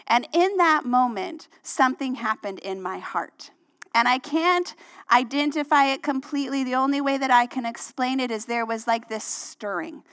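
A middle-aged woman pastor, preaching a sermon and telling a personal story in a conversational way that turns animated when she acts out dialogue. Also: high voice.

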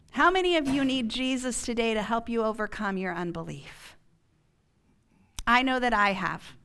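A woman pastor preaching a sermon in church, earnest and emphatic, sometimes dropping to a hush. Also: on the high side, clear, resonant tone. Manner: earnest, slow and emphatic, dropping to a hushed whisper at key points.

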